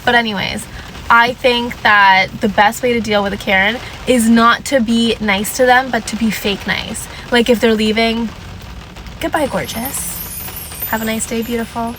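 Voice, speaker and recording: A woman's voice: a little high, fairly even intonation, moderate pace, fairly bright tone, slight background noise, rough recording. Sassy young woman giving blunt advice. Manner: sassy, emphatic, fond of repeating lines; drops into mocking voices to quote people. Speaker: vlogger. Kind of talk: casual advice rant.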